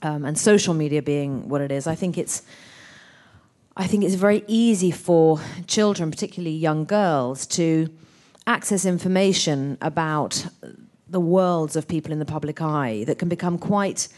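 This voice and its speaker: A woman actress chatting as a guest in an interview, telling stories in an animated, expressive way. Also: deep voice, moderate pace. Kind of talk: anecdotal interview chat.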